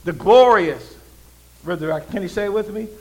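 A man preaching a sermon, calling out to the congregation, swinging between loud proclaiming and low, conversational asides. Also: fairly quick, lo-fi sound. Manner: preaching with call-and-response and frequent hallelujahs. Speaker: pastor.

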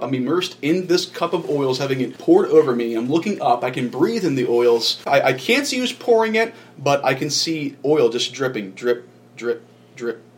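A man guest on a talk show earnestly telling his own story, often repeating himself and restarting sentences. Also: medium pitch. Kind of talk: personal testimony in conversation.

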